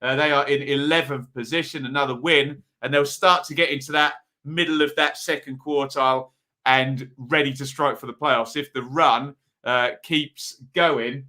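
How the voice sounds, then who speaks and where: A man's voice: mid-range voice, fairly even intonation, moderate pace, pushed and bright. A man hosting a live football watch-along, chatting casually with frequent ums and uhs as he reads out team sheets. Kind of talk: casual live commentary to chat.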